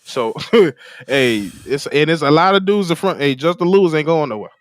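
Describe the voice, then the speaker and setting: Animated joking Chicago co-host. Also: male voice, a little high, moderate pace, dry recording, studio quality. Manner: animated, blunt, jokey trash talk. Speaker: podcast co-host. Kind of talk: casual sports podcast chat.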